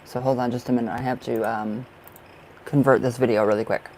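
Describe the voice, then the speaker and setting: A man reading tarot on a live stream, chatting in a relaxed, effusive way and greeting viewers as they arrive. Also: mid-range voice, a little fast, a little hiss or hum, poor audio. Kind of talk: casual live-stream chat.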